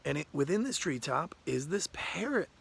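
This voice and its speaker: Gravelly casual male storyteller. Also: a little high, very animated, normal speed, a bit bright. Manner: conversational, uses "like" often.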